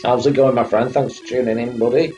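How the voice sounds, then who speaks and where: A man's voice: mid-range voice, fairly even intonation, brisk, mellow, soft background music. A man live-streaming retro computer games, chatting to viewers and fighting off a coughing fit. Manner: chatty, greets chat viewers by name. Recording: dull lo-fi stream audio with faint hum.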